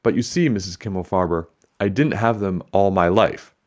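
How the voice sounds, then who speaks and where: A man's voice: deep voice, moderate pace, a little mellow, natural voice. A man reading aloud and voicing a worried, earnest young schoolboy in a storybook.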